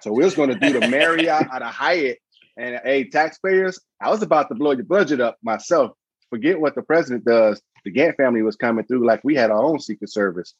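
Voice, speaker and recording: A man's voice: mid-range voice, brisk, husky, dry recording, highs cut off. A man in his thirties, a podcast guest and founder, telling a story casually and acting out the voices in his anecdotes. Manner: animated, acts out voices in anecdotes.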